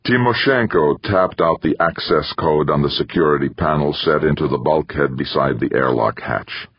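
A man narrating an audiobook in a steady, measured reading. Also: a bass voice, husky, dry recording, dull audio. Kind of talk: scripted narration.

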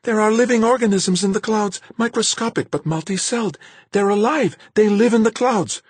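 A man voicing an excited young woman scientist who gushes breathlessly. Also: a little high, fairly quick, breathy edge, no room sound, voice pushed up. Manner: breathless, gushing.

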